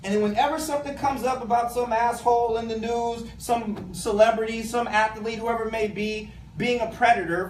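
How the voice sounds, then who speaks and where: A man's voice: very high-pitched, normal speed. A man speaks with passion and emphasis, using casual phrasing as he addresses a live audience at a community talk. He is picked up from some distance away. The room is echoey, with faint background noise. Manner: impassioned, emphatic, colloquial, addresses audience directly. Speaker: guest speaker, education professor.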